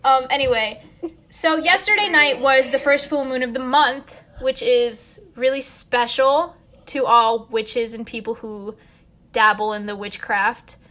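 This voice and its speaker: A woman's voice: sits high, steady tone, unhurried, fairly bright tone. A teenage girl hosting a casual podcast over a phone call, joking and dramatic as she tells tall stories. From Colombia. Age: teens. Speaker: podcast host. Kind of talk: casual chat.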